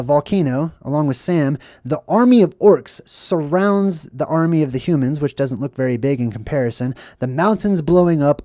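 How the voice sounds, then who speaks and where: A livestream host retelling a film to live chat in a casual, upbeat way, often asking 'right?' and slipping into quick acted quotes. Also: mid-range voice, mellow, dry recording, studio quality.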